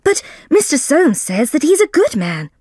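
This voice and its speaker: A woman voicing an eager male companion in a slow storybook reading, full of questions. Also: high voice, big pitch swings, darkish tone, dry recording, clean studio sound, pitched above the performer's own voice. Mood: curious.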